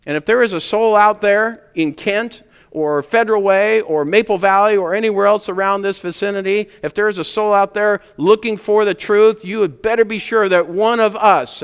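A pastor preaches earnestly to his congregation, pressing his points with emphasis and then easing down to a hushed, quiet delivery. His voice is smooth and resonant and sits a bit high for a man. The recording carries the long reverb of a church hall. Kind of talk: sermon. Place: church sanctuary.

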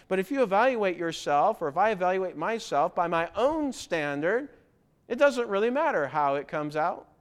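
Male preacher with a high-pitched voice, earnest and exhorting, putting pointed questions to the congregation. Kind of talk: sermon.

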